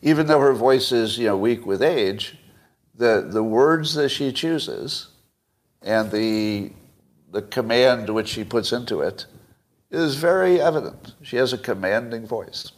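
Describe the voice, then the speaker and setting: Older man, solo livestream host, casual commentary, wry, chuckles often, quizzes listeners, mid-pitched voice. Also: expressive, unhurried. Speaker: podcast host.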